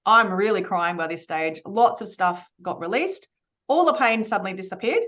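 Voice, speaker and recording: A woman's voice: medium pitch, lively intonation, normal speed, a bit bright, dull audio. A woman hosting a podcast, telling a personal story in an open, chatty way. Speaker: podcast host. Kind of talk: casual podcast intro.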